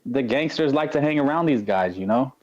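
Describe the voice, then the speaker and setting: A man chats on a podcast panel in a blunt, teasing way. His voice is mid-pitched and comes through a muffled, lo-fi mic. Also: lively intonation, brisk, a crowd in the background. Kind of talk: casual panel chat. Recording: dull lo-fi mic.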